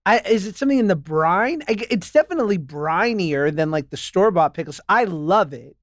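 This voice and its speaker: Brief: male podcast host, a fairly high voice, chatty storyteller, close and dry. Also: lively intonation, moderate pace, no room sound. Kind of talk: casual podcast chat.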